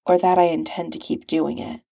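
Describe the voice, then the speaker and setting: A poised, painfully sincere male agent who chooses each word carefully, as a woman narrator voices him. The tone is mellow and dark, read close in a dry room for a storybook. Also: a little high, sing-song, no room sound. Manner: measured, formal, earnest.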